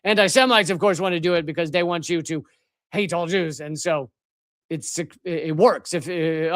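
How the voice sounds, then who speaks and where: A man's voice: a little high, fairly even intonation, normal speed, no room sound, studio quality. A man hosting a live political commentary show, ranting sarcastically and profanely, often restarting his sentences. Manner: rambling with restarts. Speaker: host.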